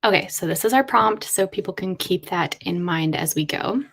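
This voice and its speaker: A woman writer chatting casually on a live stream, thinking aloud in a rambling way with quick asides. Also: lowish voice, lively intonation, a bit bright, breathy edge. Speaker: writer livestreaming with chat.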